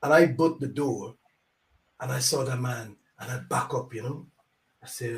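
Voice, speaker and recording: An older man speaking as an elder guest on a live show, preachy, repeating phrases for emphasis and swinging between loud and quiet. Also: on the high side, normal speed. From Africa. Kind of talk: impassioned live show monologue. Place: home. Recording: roomy, distant mic.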